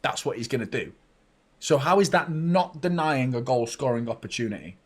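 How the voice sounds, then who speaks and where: Hosting a football fan channel, this excitable man swears freely while commentating a live match watchalong at a moderate pace. He lurches from shouts down to low muttering.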